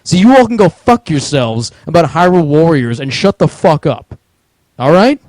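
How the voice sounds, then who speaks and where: Speaking at a normal pace in a sing-song way, a New Jersey-accented man co-hosting a podcast rants about video games with sweary, heated mockery. His voice is on the high side and darkish, recorded without echo.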